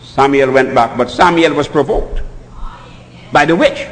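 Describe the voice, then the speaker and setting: A man preaching a sermon, telling a story dramatically, acting out the voices and rising to shouts. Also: medium pitch, a little slow, big-room sound, rough recording.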